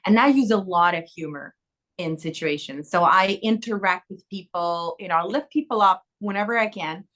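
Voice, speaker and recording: A woman's voice: on the low side, normal speed, a bit bright. A woman hosting an interview podcast, asking questions in an encouraging way and laughing often with her guest. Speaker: podcast host. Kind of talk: interview conversation.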